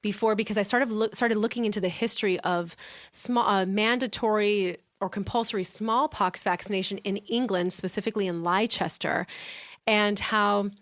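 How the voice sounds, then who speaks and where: A woman's voice: medium pitch, steady tone, a bit bright, no room sound, studio quality. Chatty, giggly woman podcast co-host. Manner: chatty, giggly, quick asides, trailing restarts. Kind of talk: casual podcast chat.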